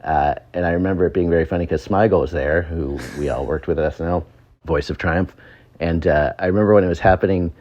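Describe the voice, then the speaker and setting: A man's voice: deep voice, quick pace, a little mellow, muffled recording. A man telling a rambling anecdote in a voice note, full of ums and chuckles. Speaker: former show writer sending a voice note. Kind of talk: casual anecdote. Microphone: phone voice memo.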